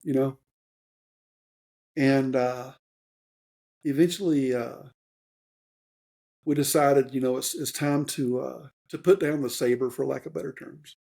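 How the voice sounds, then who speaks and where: There are long pauses and vocal fry in this man's steady, darkish, mid-range voice, and he talks a little slowly. In his fifties and retired from the Army as a warrant officer, he shares his story as a podcast guest. It comes out rambling and loose, full of fillers and restarts, earnest and openly emotional, in a conversational interview.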